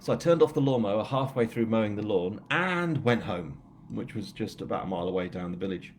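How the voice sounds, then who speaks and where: A northern English man with a fairly low voice talks casually at a live book launch, rambling through a story with self-mocking asides. A faint noise sits under his voice. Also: expressive, a little fast. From England.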